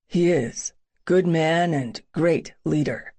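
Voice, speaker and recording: A woman's voice: deep voice, slow, warm tone, heavily acted. A woman voicing a wry young soldier. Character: confident young male soldier, protective, wry humor.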